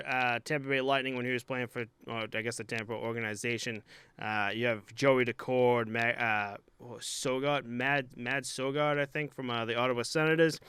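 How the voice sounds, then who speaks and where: Young male podcast co-host, clear smooth voice, dry close sound, rambling and profane. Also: medium pitch, a bit bright, dry recording. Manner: loose, profane, rambling with many fillers. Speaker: hockey goalie. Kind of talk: casual podcast chat.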